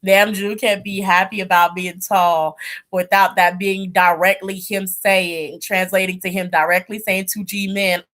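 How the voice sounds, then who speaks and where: Casual livestream host, woman, animated and chatty, mid-range voice. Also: medium pitch, unhurried. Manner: animated, laughing, chatty storytelling. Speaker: tarot channel host.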